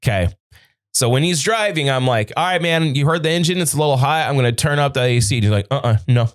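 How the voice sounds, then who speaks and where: A man with a fairly high, lively voice spins a story in casual podcast chat, swearing freely and acting out what everyone said. His pitch leaps around as he slips into the voices of the people in his story. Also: fast. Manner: profane, animated storyteller acting out quoted dialogue. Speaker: podcast host. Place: podcast studio.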